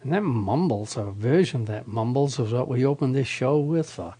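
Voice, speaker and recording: A male radio host talking in a deadpan way and reading a news item aloud. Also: medium pitch, normal speed, slightly rough. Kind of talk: dry radio show talk, reading aloud.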